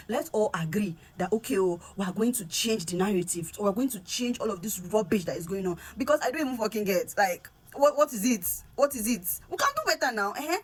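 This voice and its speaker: A young woman with a Nigerian accent pours out an aggrieved vlog to camera. Her voice is husky and her speech rushes along quickly. She drops into Pidgin now and then and repeats herself as she presses her point. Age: young adult. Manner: earnest and aggrieved, repeats words and rises in pitch when heated, mixes in Pidgin. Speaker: vlogger. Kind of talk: impassioned direct-to-camera rant.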